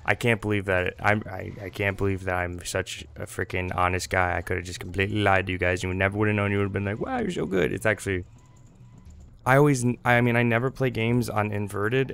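A man's voice: sits low, creaky, a bit bright, slight background noise. A young man hosting a let's play, rambling and joking as he talks to the game and his viewers. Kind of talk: casual gameplay commentary.

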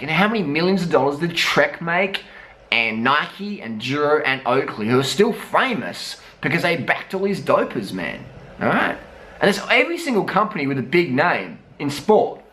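A man's voice: a little high, fairly bright tone. A man, a cycling vlogger, ranting bluntly with heavy swearing. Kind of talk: profane ranting commentary.

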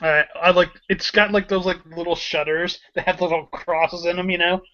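High-voiced rambling male player. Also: little pitch movement, moderate pace, sharp tone. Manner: rambling, hedging talk. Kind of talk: casual tabletop play. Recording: dull lo-fi recording.

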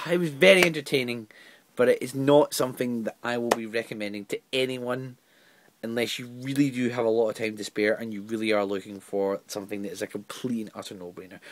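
A man's voice: mid-range voice, dry recording. A man giving an exasperated, rambling film review full of stammered restarts. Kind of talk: casual video review.

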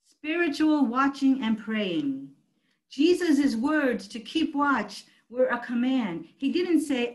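A woman's voice: sits high, animated, a little slow, darkish tone, poor audio. A woman pastor preaching a sermon, emphatic and calling out to her congregation. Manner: emphatic preaching, calls out to the church.

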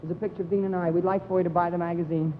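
A young man hosting a live comedy TV show, delivering announcements in a mock-earnest pitchman manner. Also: little pitch movement, rapid-fire, big-room sound, slight background noise. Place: TV studio stage before an audience. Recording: dull 1950s TV broadcast with loud studio audience.

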